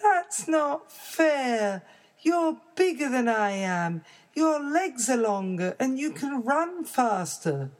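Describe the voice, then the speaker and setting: A woman voicing a small, eager young male bear cub with a high little voice in a storybook reading. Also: very animated, takes it slowly, full character voice. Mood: protesting. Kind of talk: storybook read-aloud.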